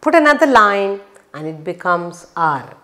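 A woman teaching phonics to young children, saying each word slowly and clearly, with a playful sing-song and sound effects. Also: lowish voice, big pitch swings, sharp tone.

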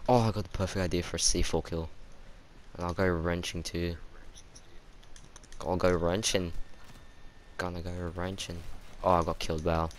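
A man giving chatty live commentary over his own shooter match, reacting out loud to every kill and death. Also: low voice, flat delivery, moderate pace, pauses often, a little hiss or hum. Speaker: gaming YouTuber.

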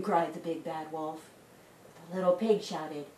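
A woman librarian reading a story to children in a lively sing-song way. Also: lowish voice, unhurried. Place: library room. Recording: echoey room, mic at a distance.

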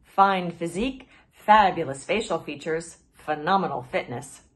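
A woman voicing a vain, loud-mouthed little male sugar glider with a shrill voice. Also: measured pace, lightly acted. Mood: boastful. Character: boastful pint-sized male sugar glider.

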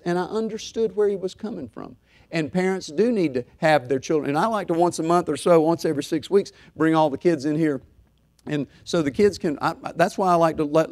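A middle-aged man pastor preaching a sermon, swinging from loud fervor to soft, hushed talk. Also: high-pitched.

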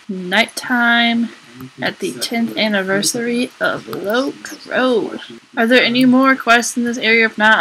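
Bright-voiced playful young woman gamer. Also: mid-range voice, slightly rough, rough recording. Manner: playful and silly, with squealing exclamations. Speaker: gaming YouTuber. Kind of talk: let's play commentary.

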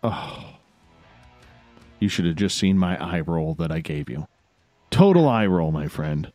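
Deep-voiced joking radio host. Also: male voice, steady tone, unhurried, no room sound, soft background music. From Canada. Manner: jokey, rambling, gives shout-outs. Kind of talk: casual radio chat.

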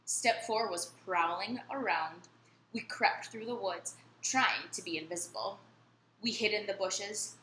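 A woman reads a picture book aloud to children in a friendly, lively way. Her voice is bright and forward, set in an echoey room with a faint hum of noise underneath. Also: medium pitch, a little slow. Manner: friendly, lively storyteller addressing kids. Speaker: children's story reader. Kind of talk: storytime read-aloud.

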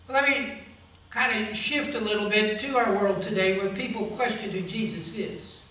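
A man's voice: high-pitched, fairly even intonation, moderate pace, pushed and bright. A male pastor preaching a sermon emphatically and addressing the congregation directly, recorded in a church sanctuary from a distance. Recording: echoey church from far off.

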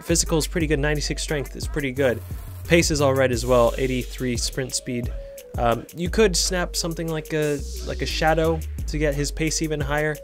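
A man giving chatty, excitable commentary on a football video game as a gaming channel host. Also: fairly high pitch. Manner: excitable, chatty, cheers on players. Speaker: gaming YouTuber. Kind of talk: casual gameplay commentary.

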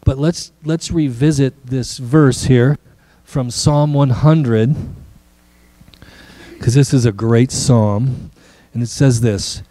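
A man's voice: medium pitch, takes it slowly, mellow, no room sound. A man, a pastor giving a playful children's message in church and joking with the kids. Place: church sanctuary.

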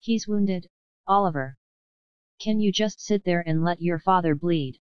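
A woman's voice: lowish voice, a little slow, darkish tone, smooth, no echo, lo-fi sound, close to an everyday voice. A woman voicing an emotional young woman pleading.

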